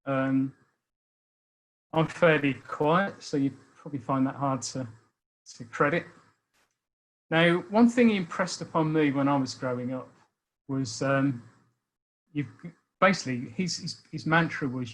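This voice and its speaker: A man in his sixties from Birmingham with a Birmingham accent, talking about his life in a thoughtful, hesitant way with many pauses and restarts. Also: medium pitch, a little hiss or hum, rough recording. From Birmingham, England. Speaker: speaker sharing life experience. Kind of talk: reflective personal talk.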